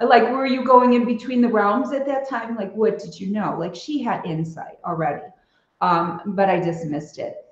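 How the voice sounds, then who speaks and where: A woman's voice: medium pitch, normal speed, roomy sound, lo-fi sound. A woman guest on a podcast, telling personal stories in a reflective, casual way with many fillers. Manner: reflective storytelling with frequent fillers. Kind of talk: casual conversational interview.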